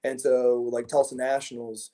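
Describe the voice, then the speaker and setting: Mellow-voiced man telling rambling stories. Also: medium pitch, level tone, moderate pace. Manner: rambling, repeats words and restarts, chuckles between stories. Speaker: interview guest, former pro wrestler. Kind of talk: casual anecdotal storytelling.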